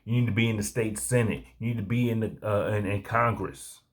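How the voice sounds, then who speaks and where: A man's voice: fairly low pitch, steady tone, fairly quick. A man hosting a commentary show, reacting to a clip and urging listeners to act, stacking repeated calls to action.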